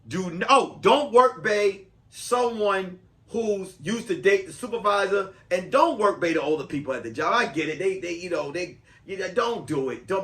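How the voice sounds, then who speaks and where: High bright-voiced man, profane comic. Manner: profane, emphatic, rambling. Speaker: podcast host, comedian. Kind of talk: comedic advice monologue.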